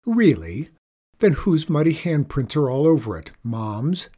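A man voicing a scornful teenage girl in a spoken story, shrill and accusing. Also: big pitch swings, a little slow, mellow. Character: bratty teenage girl, scornful older sister. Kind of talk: audiobook character voice.

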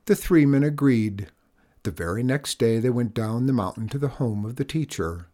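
Man reading a storybook aloud. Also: mid-range voice. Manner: measured, expressive reading. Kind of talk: scripted storybook narration.

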